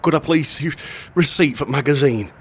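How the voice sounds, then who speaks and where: A hot-tempered middle-aged shopkeeper, as a man plays him, shouting accusations in broken English with the little words dropped. His voice is pushed up higher than a man's usual speech and swings widely in this storybook reading. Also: expressive, normal speed, slight background noise, close to an everyday voice. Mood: angry accusing.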